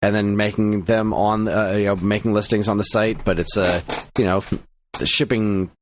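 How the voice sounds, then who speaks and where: An American man co-hosting a podcast in loose, casual chat. His voice sits a bit low, and he rambles with lots of "uh" and "like" and restarts sentences. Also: level tone, moderate pace. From United States. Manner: rambling, many fillers and restarts. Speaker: podcast co-host.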